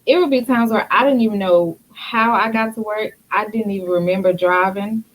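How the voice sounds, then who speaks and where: A woman's voice: mid-range voice, moderate pace, slight background noise, low-quality recording. A woman hosting a talk show, candidly and reflectively sharing her own experience in casual conversation. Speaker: podcast host.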